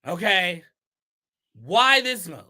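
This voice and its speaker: Speaking slowly but very animatedly, a man with a bright, high voice hosts a casual gossip commentary. He reads posts out loud and fires back sassy, emphatic rhetorical questions, keeping a sharp, pointed edge the whole way through.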